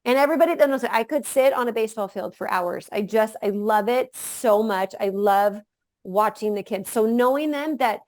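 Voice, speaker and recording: Woman, podcast guest, mother, loud and energetic, slightly high voice, casual chat. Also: moderate pace, no echo, studio quality. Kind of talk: casual conversation.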